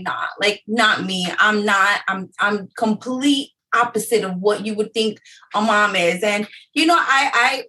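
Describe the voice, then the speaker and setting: A woman's voice: medium pitch, moderate pace, pushed and bright, distant mic. A woman in her thirties, a mother of three, chatting bluntly and without filter as a podcast guest. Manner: blunt and unfiltered, stammers into thoughts. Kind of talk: casual podcast chat.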